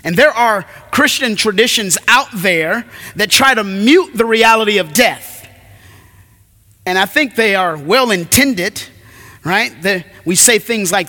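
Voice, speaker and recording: A man pastor preaching an earnest, animated sermon with dramatic pauses in a church. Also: sits high. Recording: echoey hall.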